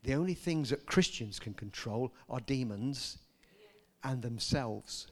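An older man preaching a sermon, telling stories and rising to loud, emphatic peaks. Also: medium pitch, animated, unhurried. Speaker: pastor.

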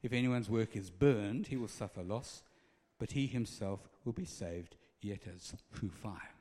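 A man's voice: fairly low pitch, a little slow, dark tone, long reverb tail. A man preaching a conversational sermon and acting out little scenes.

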